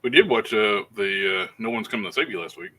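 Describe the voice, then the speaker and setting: A man's voice: lowish voice, quick pace, a crowd in the background. A man co-hosting a casual podcast chat, telling stories. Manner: storytelling, animated. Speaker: podcast co-host.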